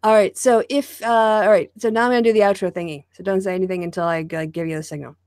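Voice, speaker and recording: A woman's voice: fairly low pitch, quick pace, darkish tone, no echo, studio quality. A woman hosting a casual chat, teasing her co-host and laughing often.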